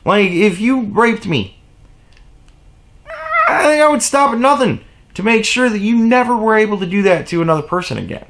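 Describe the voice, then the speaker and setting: A man's voice: high-pitched, expressive, normal speed, pauses often, noisy background. A man delivering an exasperated, profane opinion rant on his vlog, with sarcastic asides. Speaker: vlogger.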